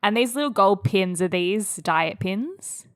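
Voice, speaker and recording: A woman, co-hosting a podcast and chatting casually about an anime, giggly, with quick reactions. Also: mid-range voice, lively intonation, no room sound, clean studio sound. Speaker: podcast co-host.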